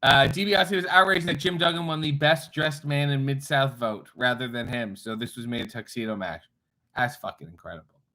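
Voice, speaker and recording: A man's voice: mid-range voice, moderate pace, bright, forceful tone, low-quality recording. Wry swearing man reading stream chat. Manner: irreverent, swears freely, wry asides. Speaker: livestream host reading chat. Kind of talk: casual live chat.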